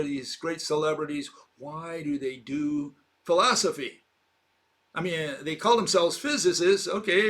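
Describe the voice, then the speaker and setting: A man's voice: a little high, a bit bright. A man giving an informal, argumentative explanation, full of fillers and rhetorical questions. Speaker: lecturer.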